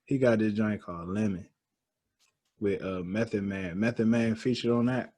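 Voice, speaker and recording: A man co-hosting a casual podcast, talking in a laid-back way with lots of slang and animated asides. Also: on the low side, normal speed. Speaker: podcast co-host. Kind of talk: casual chat.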